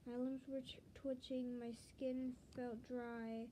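A woman's voice: on the high side, little pitch movement, takes it slowly, noisy background. A woman reading her own story aloud in an earnest, dramatic storytelling manner.

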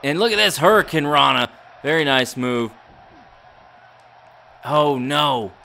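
A man giving excited play-by-play commentary on his own wrestling video game match like a ring announcer. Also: on the high side, takes it slowly, creaky, a little hiss or hum. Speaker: gaming YouTuber.

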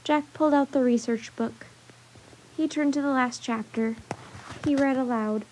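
A woman reading a children's chapter book aloud as storyteller, in a steady, gentle way. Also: high-pitched, moderate pace, slight background noise, low-quality recording.

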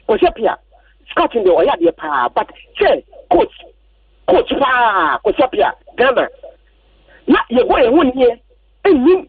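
A man's voice: very high-pitched, creaky, dry recording. A man calling a radio sports show, ranting agitatedly about the national coach. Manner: agitated, repetitive complaining. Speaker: caller. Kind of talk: heated phone-in rant. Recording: tinny phone line, distant.

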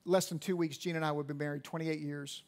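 A man in his fifties, a pastor preaching a sermon in a church, swinging from hushed to loud emphatic peaks and repeating words as he restarts. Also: a little high, flat delivery, fast talker. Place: church sanctuary at a live service.

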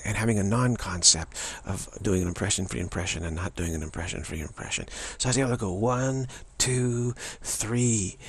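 A man giving a spiritual practice talk, halting and musing, with frequent restarts and repeated phrases. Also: on the low side, fairly bright tone, slightly rough. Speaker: spiritual teacher.

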